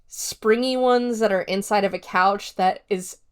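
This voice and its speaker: A woman's voice: medium pitch, measured pace, clean tone. A woman hosting a casual solo podcast, chatting through a horror film review in a rambling way with lots of fillers. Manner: retells scenes by acting out quotes.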